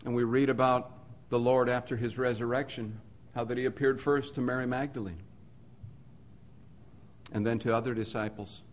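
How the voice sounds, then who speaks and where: A man's voice: medium pitch, fairly even intonation, moderate pace. Earnest man preaching a sermon. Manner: earnest, rhetorical repetition, swings between soft and emphatic.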